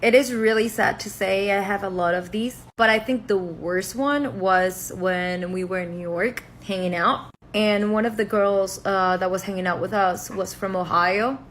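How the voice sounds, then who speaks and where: A woman speaks at a middle pitch, recounting a story earnestly and steadily. A faint background noise sits behind her voice. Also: fairly bright tone. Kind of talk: casual storytelling.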